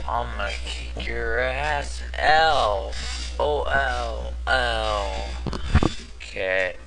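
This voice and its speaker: A man's voice: medium pitch, very slow, vocal fry, sharp tone, low-quality recording. A teenage boy doing silly homemade voice skits, jumping between goofy put-on voices and squeals.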